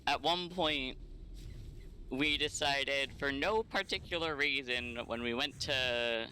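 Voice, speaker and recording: An American man in a casual gaming-stream chat, with a mid-pitched, bright, forward voice. He talks in a relaxed way and drops wry asides, with a faint hiss underneath. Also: takes it slowly.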